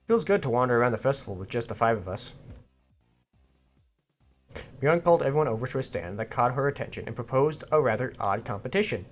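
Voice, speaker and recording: Animated man reading a game aloud. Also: mid-range voice, quick pace, long pauses, soft background music. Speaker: streamer reading a visual novel aloud. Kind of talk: reading and voicing a game on stream.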